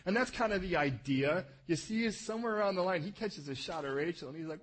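High-voiced husky man preaching. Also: lively intonation, fast talker, hardly any pauses. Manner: storytelling, with rhetorical questions. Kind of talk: conversational sermon.

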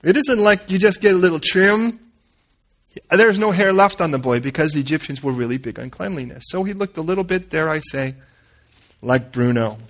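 A man preaching a sermon, reading scripture and breaking off into animated, joking, conversational asides. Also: fairly high pitch, normal speed. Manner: animated, conversational, full of asides and playful jokes. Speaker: pastor.

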